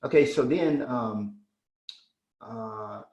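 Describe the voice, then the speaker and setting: A man leading an energetic sales training, speaking emphatically like a preacher, repeating his key lines and acting out both sides of client conversations. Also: medium pitch, drawn-out words, highs cut off. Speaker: real estate sales trainer. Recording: roomy echo.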